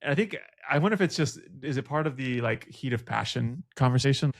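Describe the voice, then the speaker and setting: Gravelly, playful man, dry close sound. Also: medium pitch, expressive, fast talker, no room sound. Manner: playful, laughing, riffs on jokes. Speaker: podcast co-host. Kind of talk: casual book club chat.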